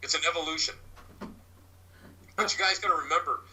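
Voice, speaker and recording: Bright-voiced male medium telling tales. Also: a little high, recorded from a distance, slight background noise, low-quality recording. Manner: halting, repeats and restarts words. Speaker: psychic medium and mediumship instructor, guest. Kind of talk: rambling anecdotal storytelling.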